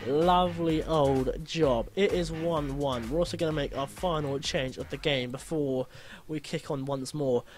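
A young man giving lively, blunt gameplay commentary, grumbling and swearing at his team. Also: a little high, unhurried, faint music behind.

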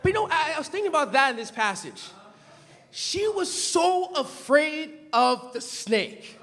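A man from Los Angeles preaching a sermon from a church pulpit, swinging between loud shouted emphasis and relaxed, joking stories. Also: very high-pitched, a little slow. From Los Angeles, California. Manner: animated preaching, shouting for emphasis, humorous storytelling asides. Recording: long reverb of a church hall.

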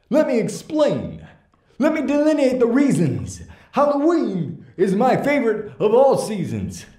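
A man's voice: very high voice, a little mellow, roomy sound, exaggerated voice. A man doing an odd-rhythm dramatic poetry voice. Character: theatrical man doing a famous actor's voice. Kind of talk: comic poetry reading.

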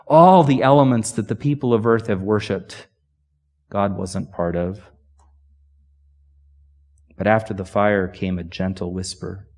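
Slow, dramatic male preacher. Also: on the low side. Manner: slow, dramatic scripture reading, dropping to a hush at the close. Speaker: pastor. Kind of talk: sermon. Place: church sanctuary.

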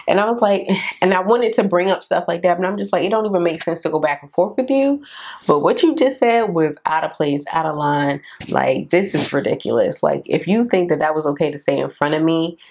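A young woman vlogger telling a candid storytime about her dating life in a casual, animated way, acting out both sides of the conversation. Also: deep voice, creaky. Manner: candid and animated, quotes others in raised voice. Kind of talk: storytime vlog, casual chat.

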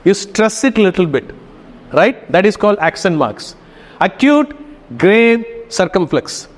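High-voiced man teaching a class. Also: sing-song, unhurried. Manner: casual, checks in with students often. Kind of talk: classroom lecture. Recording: reverberant hall.

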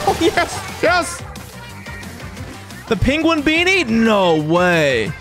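A game streamer giving excitable, chatty live commentary on a match and talking to viewers in chat. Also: high voice, slow pace. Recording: game music playing behind the voice.

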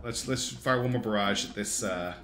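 A man's voice: fairly low pitch, normal speed. Chatty man streaming with roomy echo. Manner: chatty, thinks aloud with many ums and restarts. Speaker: streamer reviewing community game designs. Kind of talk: casual livestream commentary. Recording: roomy echo with faint guitar music behind.

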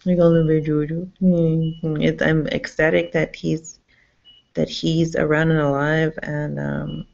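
Brief: woman, gravelly voice, agitated profane rambling rant, dull lo-fi recording. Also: low voice, flat delivery, slow, darkish tone. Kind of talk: rambling monologue to camera. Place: public campus building indoors. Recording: dull lo-fi sound.

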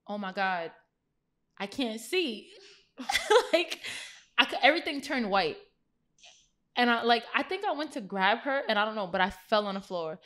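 A young woman guest on a podcast, casually telling a lively, slangy story and laughing as she goes. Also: mid-range voice. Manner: animated, slangy, laughs through her story.

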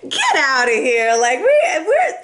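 Sassy high-voiced woman reading tarot. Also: wildly swooping pitch, takes it slowly, fairly bright tone. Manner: sassy, playful, laughs often. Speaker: tarot reader.

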